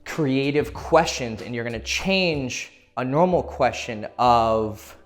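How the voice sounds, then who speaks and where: A man's voice: mid-range voice, animated, takes it slowly. Male dating coach, casual and profane, mid-range voice, faint music underneath. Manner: casual and profane, acts out short quoted exchanges. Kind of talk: instructional talk to camera.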